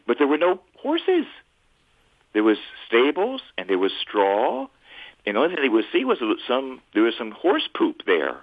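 Husky animated storyteller priest, phone-line sound. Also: male voice, medium pitch. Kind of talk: storytelling on a radio talk show. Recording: tinny phone-like radio line.

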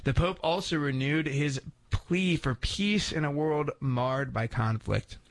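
A man's voice: on the high side, slow. A man hosting a radio morning show, upbeat and enthusiastic as he introduces segments and guests. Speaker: radio host.

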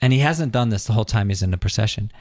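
A man telling an earnest, animated personal story as a guest on a talk show. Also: on the low side, very fast, dry recording, studio quality.

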